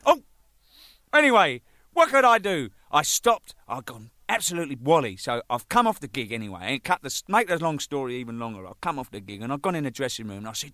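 A man's voice: on the high side, quick pace, no echo. A man, a rock drummer, telling band anecdotes in a casual, swearing, laughing way. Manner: animated, swears freely, laughs mid-story.

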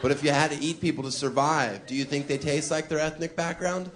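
A male stand-up comedian performing a routine, full of provocative setups and deadpan asides, chuckling at his own lines. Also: on the high side, fairly quick, background noise.

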